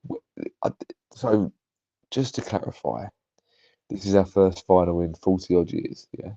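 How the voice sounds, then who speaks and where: A man with a very low, gravelly, dark voice calls in to chat, speaking softly and with many pauses. The call audio is dull and lo-fi, with no room sound. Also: no room sound. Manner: hushed, hesitant, with many ums. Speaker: guest caller. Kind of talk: casual fan chat over a call.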